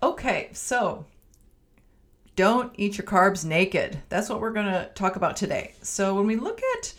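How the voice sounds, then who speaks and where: A woman's voice: mid-range voice, lively intonation, a little slow. A middle-aged woman, hosting her own podcast as a family physician and talking in a chatty, homey way with many ums and restarts. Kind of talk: casual solo podcast talk.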